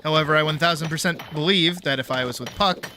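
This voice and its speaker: A man's voice: fairly high pitch, fast talker, pushed and bright, a little hiss or hum. A young man streaming a game, telling a story in a rambling, laid-back way, swearing freely and saying "like" a lot. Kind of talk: casual storytelling while gaming.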